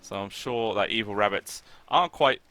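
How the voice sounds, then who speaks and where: Bright-voiced male esports caster. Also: fairly low pitch, moderate pace, no echo. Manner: excitable, rises sharply on big plays. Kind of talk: live play-by-play commentary.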